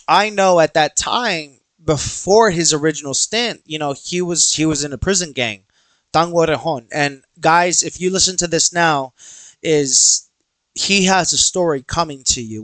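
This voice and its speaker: Animated man telling a story. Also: a little high, dry recording. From Texas. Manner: animated, acts out quoted dialogue, swears freely. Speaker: podcast host. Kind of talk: casual storytelling monologue.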